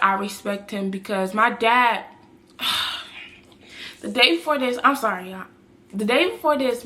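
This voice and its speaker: A young woman with a bright, sharp voice at a middle pitch tells a personal story to her viewers. She rambles, restarts and repeats phrases, calling her audience y'all in a loose, chatty storytime. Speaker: vlogger. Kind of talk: casual storytime.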